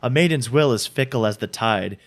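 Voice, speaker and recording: Man reading as a cold weary young woman, calm flat delivery, Shakespearean verse, mid pitch. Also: brisk, lightly acted. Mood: cool.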